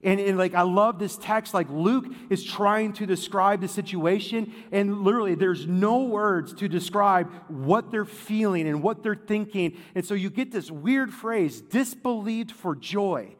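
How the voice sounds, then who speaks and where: A male pastor preaching a sermon in a casual, animated way, full of fillers and asides. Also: high-pitched, measured pace, hardly any pauses, in a large hall.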